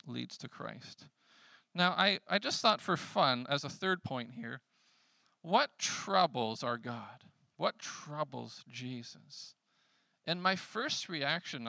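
A man preaching a sermon in a conversational way, swinging between loud emphatic lines and hushed quiet ones. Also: on the high side, vocal fry, dry recording. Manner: conversational preaching with casual fillers. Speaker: pastor.

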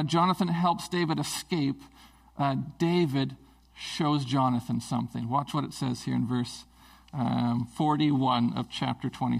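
A man's voice: mid-range voice, gravelly. A male preacher giving a conversational sermon, asking his listeners rhetorical questions.

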